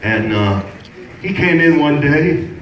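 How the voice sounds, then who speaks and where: A man's voice: a little high, animated, slow, very noisy. An older man doing stand-up, telling rambling stories in a conversational way and laughing at his own jokes. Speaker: stand-up comedian. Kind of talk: stand-up storytelling. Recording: roomy echo, distant mic, loud room ambience.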